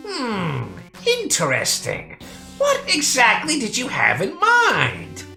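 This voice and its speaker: A woman voicing a pompous, theatrical male villain who drawls slowly and explodes into shouting, recorded with a roomy echo. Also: on the high side, wildly swooping pitch, vocal fry, soft background music, voice pushed up, exaggerated voice. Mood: smug. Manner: drawling, then shouting in rage.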